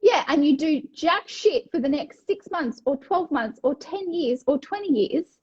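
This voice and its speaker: A high-pitched Australian woman in her thirties chats energetically on a coaching podcast. She is blunt and swears freely, slipping into voices for her own past thoughts. The recording has a slightly dull, lo-fi sound. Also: expressive, unhurried, darkish tone. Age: 30s. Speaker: wellness coach and co-host. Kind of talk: casual podcast chat.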